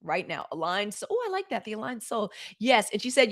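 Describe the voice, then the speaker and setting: A woman hosts a casual livestream, her voice sitting a little high. She talks in an animated, conversational way, breaking off to read and answer viewers' comments. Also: quick pace, hardly any pauses. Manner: animated, reads live comments aloud. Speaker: host.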